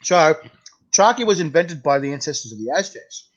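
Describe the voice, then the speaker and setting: Here a man with an Australian accent hosts a relaxed, talkative chat at a moderate pace, his highish voice swinging widely in pitch. He frequently drops in "mate," restarts his sentences, and the audio is muffled lo-fi.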